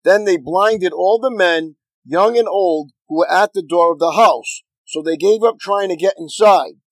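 A pastor reading scripture aloud in a steady, earnest manner. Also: male voice, high voice, measured pace, no room sound, poor audio.

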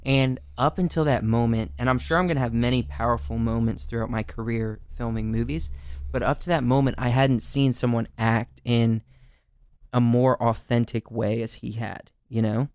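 A man's voice: mid-range voice, steady tone, moderate pace, a little mellow, smooth, dry recording, clean studio sound. A man co-hosting a podcast, talking in an earnest, rambling way and laughing often. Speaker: podcast co-host. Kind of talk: casual chat.

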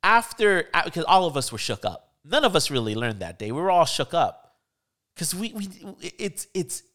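Animated man telling a story. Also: normal speed. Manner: animated storyteller, acts out quotes with pitch jumps. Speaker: podcast co-host telling a story. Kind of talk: casual chat.

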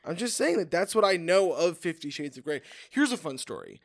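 A man's voice: on the high side, sing-song, brisk, creaky. A young man co-hosting a podcast, rambling playfully and teasing his co-host with tangents. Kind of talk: casual chat.

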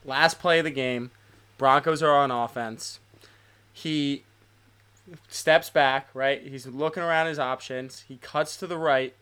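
A man's voice: medium pitch, a little slow, smooth. Profane, ranting young man. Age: 20s. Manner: animated, profane ranting storyteller. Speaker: podcast co-host. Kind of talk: casual podcast chat.

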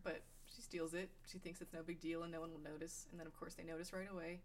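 A woman in casual chat recapping a TV show, animated and laughing, acting out quotes. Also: lowish voice, quick pace, slight background noise. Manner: animated, laughing, acts out quotes in funny voices.

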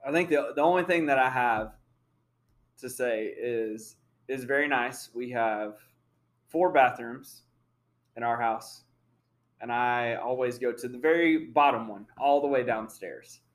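A man's voice: mid-range voice, unhurried. A man co-hosting a podcast in casual chat, easygoing and amused. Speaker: podcast co-host.

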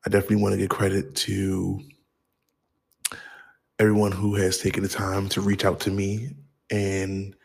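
A man hosting a podcast, talking earnestly to his listeners in a halting way, with frequent restarts. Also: low-pitched, completely flat delivery, creaky, husky. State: choked up. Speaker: podcast host. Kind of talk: heartfelt podcast outro.

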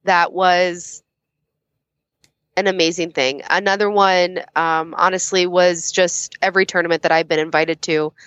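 A woman's voice: on the low side, fairly even intonation, unhurried, a bit bright, smooth, no room sound. Candid laughing woman, dull dry sound. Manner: candid, laughing, swears casually. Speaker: guest, competition judge. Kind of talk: casual interview chat.

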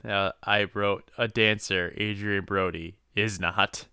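A man's voice: fairly low pitch, fairly even intonation, slow, bright, forceful tone, clear, resonant tone, no echo, clean studio sound. A man co-hosting a podcast, chatting about a movie, laughing often and making jokey asides. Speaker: podcast co-host. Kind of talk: casual movie recap chat.

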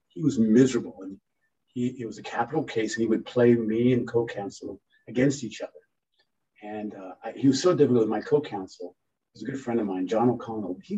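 A man's voice: mid-range voice, husky, far from the mic, dull audio. A man in his fifties, a defense lawyer, telling earnest stories from his work with clients. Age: 50s. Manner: earnest, anecdotal, animated when quoting himself. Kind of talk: reflective storytelling talk.

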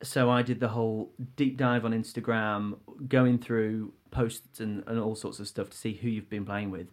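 A man's voice: on the low side, flat delivery, normal speed. A man hosting a podcast, chatty and friendly, teasing his guest as he talks. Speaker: podcast host. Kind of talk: casual interview chat.

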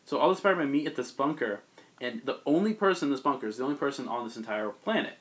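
A man's voice: medium pitch, animated, fast. A man on a podcast, casually retelling a comic book plot and acting out the characters' lines as he goes. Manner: rambling storyteller acting out characters. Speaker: podcast host recapping comics. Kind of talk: casual chat.

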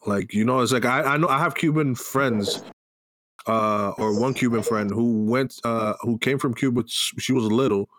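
A man's voice: mid-range voice, moderate pace, noisy background. A man co-hosting a casual podcast, hesitant and searching for words, sometimes switching into Spanish. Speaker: podcast co-host. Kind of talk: casual chat.

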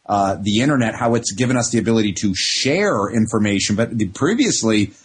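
A man co-hosting a podcast, telling excitable stories in casual chat with plenty of swearing. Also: lowish voice, a little fast, breathy edge. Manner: lively, swearing, excitable storytelling. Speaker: podcast co-host.

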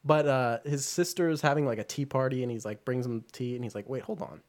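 A man co-hosting a podcast, retelling a film in a loose, rambling way full of fillers and quick put-on voices. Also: mid-range voice, darkish tone. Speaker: podcast co-host. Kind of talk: casual movie chat.

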